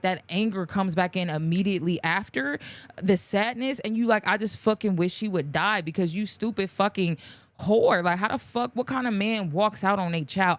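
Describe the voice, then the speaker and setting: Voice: medium pitch, no echo. A music reaction host talking casually and bluntly, with heavy swearing and emotional commentary.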